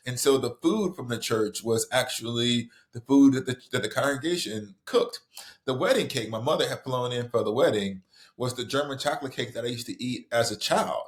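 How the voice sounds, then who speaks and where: Southern man telling stories. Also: mid-range voice. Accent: Southern American. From American South. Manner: animated, quick storytelling with many restarts. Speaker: author guest. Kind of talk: storytelling in conversation.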